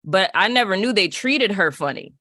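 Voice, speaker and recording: Woman, panel guest; bright, close-miked, animated and slangy storyteller. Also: mid-range voice, normal speed, no room sound. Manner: animated, laughs between words, uses slang. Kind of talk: casual storytelling.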